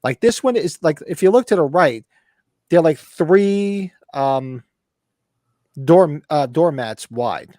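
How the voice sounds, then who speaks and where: A man's voice: on the high side, expressive, slow pace, a little mellow, no room sound, clean studio sound. A man co-hosting a casual live podcast, telling rambling, profane stories about his collection. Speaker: podcast co-host. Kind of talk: casual chat.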